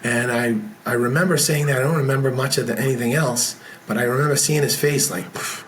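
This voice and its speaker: A man's voice: medium pitch, fairly quick, a little hiss or hum. Man telling a story with frank casual talk. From military veteran. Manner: animated storyteller who acts out dialogue. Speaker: podcast guest, business founder.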